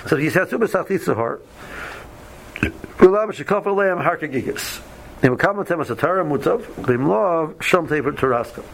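A man's voice: a little high, lively intonation, moderate pace, vocal fry, slight background noise, low-quality recording. A man leading a casual Torah study class, often stumbling over and repeating words, reading Hebrew verses aloud and then explaining them.

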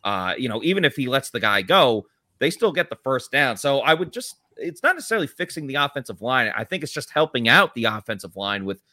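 A man co-hosts a live football chat stream, picking apart the team's line play in an analytical, excitable way. His voice is bright and swings all over in pitch, and the sound is dry and close. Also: fairly quick, dry recording.

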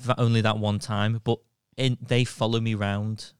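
On a casual comedy podcast, a male co-host with a lowish, clear, resonant voice tells stories at a moderate pace, laughing between lines as he goes. It's a dry, studio-quality recording.

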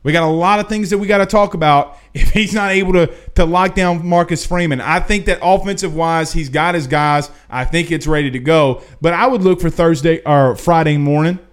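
Excitable man hosting a stream. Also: fairly high pitch, fairly quick, few pauses, smooth. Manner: excitable, repetitive, emphatic. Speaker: livestream host. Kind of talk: casual livestream Q&A.

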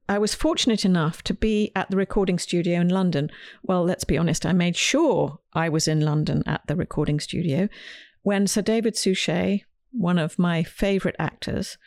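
A woman's voice: fairly low pitch, a little mellow, no echo. A woman podcast host and children's author, telling a scripted story with dry humor.

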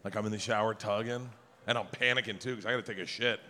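A man doing stand-up storytelling on stage, animated and slipping into voices for the people he quotes. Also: on the low side, quick pace, heavy background noise. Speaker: stand-up comedian. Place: large theater stage before a live audience. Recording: live concert hall with long reverb.

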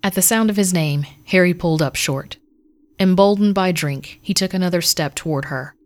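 A woman reading a dark fantasy story aloud in a measured, even voice. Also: on the low side. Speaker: narrator. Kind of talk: scripted story narration.

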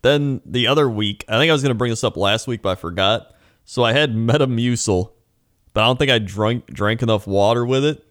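A man's voice: mid-range voice, brisk, fairly bright tone, dry recording, studio quality. A man co-hosting a podcast in casual chat, laid-back and easily amused. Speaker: podcast co-host.

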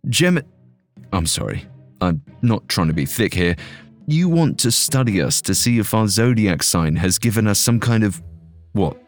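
A man plays a wary young man in an audio drama, blunt and incredulous. His voice sits low and a touch quieter, with faint music underneath. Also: big pitch swings, moderate pace. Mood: skeptical. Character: skeptical young man, a twin in custody. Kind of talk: scripted audio drama narration.

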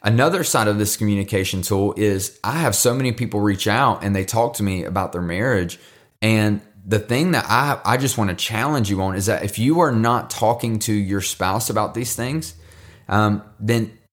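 A man's voice: lowish voice, moderate pace. A man hosting a devotional podcast, talking casually and earnestly, encouraging listeners and often repeating words as he goes. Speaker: podcast host.

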